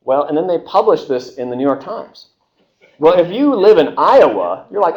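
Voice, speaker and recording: A man's voice: a little high, moderate pace. A man giving a university history seminar, speaking with lots of "uh" fillers and restarts and briefly acting out the people he quotes. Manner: animated, acts out quoted voices, many filler uhs and restarts. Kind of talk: university lecture.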